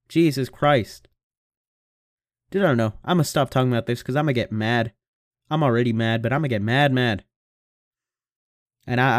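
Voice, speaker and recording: Young male podcaster, casual and profane, self-mocking, mid-pitched, dry home-mic recording. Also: dry recording. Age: young adult. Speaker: podcast host. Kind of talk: casual solo podcast rambling. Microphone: home computer microphone.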